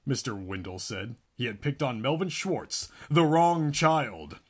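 Husky man reading a book aloud. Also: medium pitch, measured pace, hardly any pauses. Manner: animated, laughing between lines. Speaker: reader.

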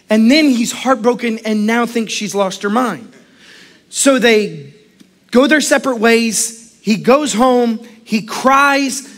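A middle-aged man preaching a sermon as pastor, animated, acting out quotes and laughing often. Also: very high voice.

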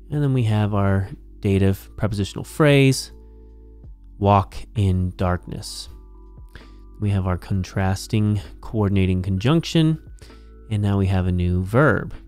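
A man teaching New Testament Greek, slowly and methodically walking through a verse as a Bible teacher. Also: fairly low pitch, a little mellow. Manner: slow, methodical explaining. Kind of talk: Greek grammar lesson.

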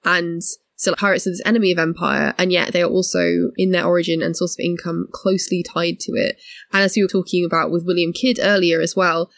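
Woman podcast cohost, low gravelly creaky voice, thinks out loud slowly, dry close sound. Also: level tone, no room sound. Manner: thoughtful, analytical, builds points slowly. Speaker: podcast co-host. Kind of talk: casual podcast discussion.

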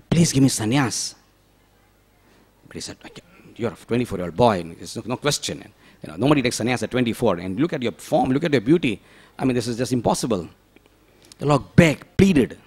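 A man preaching a devotional sermon, storytelling with dramatic swings from loud pleading to hushed whispers and frequent rhetorical questions. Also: medium pitch.

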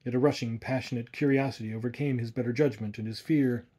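A man reading a horror story aloud in measured, atmospheric narration. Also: medium pitch, fairly even intonation, dark tone. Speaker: audiobook narrator. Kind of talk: scripted narration.

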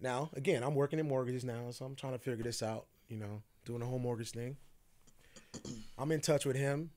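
A man's voice: medium pitch, normal speed, a little mellow. A man who is a podcast guest, casually telling a story, acting out the quoted dialogue and laughing often.

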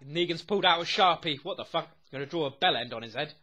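A young man reacting to a TV episode as he watches. He talks excitedly, swears constantly and often laughs. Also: a little high, fast. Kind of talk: live reaction commentary.

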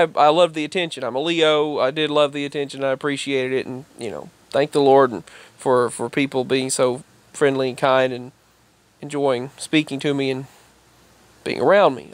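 A man's voice: a little high, dry recording. A man telling a rambling personal story in casual vlog style. He repeats himself and raises his voice when he quotes other people. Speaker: vlogger.

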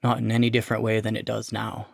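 A weary captive officer speaks quietly and flatly, numb and resigned, voiced by a man reading a story. The voice is gravelly and the recording dry. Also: fairly low pitch, fast talker, no echo, exaggerated voice.

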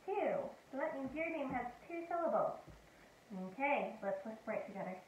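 A woman guiding a child through a sing-song syllable-clapping rhyme, slow and encouraging, step by step. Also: sits high, lively intonation. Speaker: parent modeling a classroom activity. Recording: echoey room, dull lo-fi with noise.

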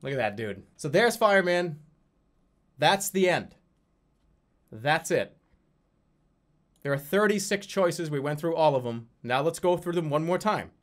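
Young guy streamer goofing around reviewing emotes, rambly, kinda high voice. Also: a little slow, long pauses. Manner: rambling, animated, swears, slips into silly voices. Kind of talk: casual comedic commentary.

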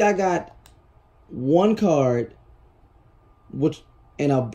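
A man's voice: mid-range voice, animated, moderate pace, dark tone. A man hosting his own gaming channel, ranting and swearing in casual commentary. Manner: frustrated, ranting, swears a lot.

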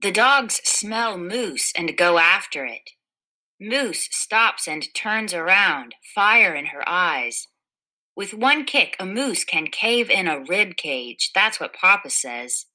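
Slow, bright-voiced woman reading a storybook. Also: fairly low pitch, animated, low-quality recording. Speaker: storybook reader. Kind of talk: children's picture book read-aloud.

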